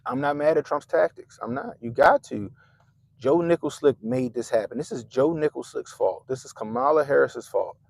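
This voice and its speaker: A gravelly-voiced man ranting through political commentary, full of swearing and mockery. His delivery is animated, jumping suddenly loud, then dropping to muttered asides. His voice sits in a middle pitch with a rough, fry-laden edge. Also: normal speed, no echo. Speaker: commentary channel host. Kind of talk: profane political commentary rant.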